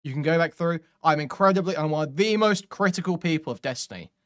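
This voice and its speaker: A man's voice: a little high, quick pace, a bit bright. Sarcastic, foul-mouthed male streamer. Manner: sarcastic, mocking, swears often. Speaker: commentary streamer reacting to clips. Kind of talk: profane sarcastic stream commentary.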